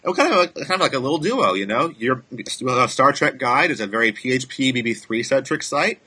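A man's voice: medium pitch, very animated, brisk, pushed and bright, husky. Chatty man co-hosting a tech podcast. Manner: chatty, laughs easily, loose restarts. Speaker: podcast co-host. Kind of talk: casual tech podcast chat.

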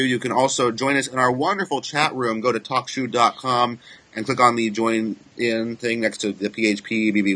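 A bright, forward male voice with a slightly husky edge, hosting a casual live podcast. He chats easily and laughs often. He moves through announcements and sponsor reads at a brisk clip. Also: medium pitch. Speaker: podcast host. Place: San Francisco studio.

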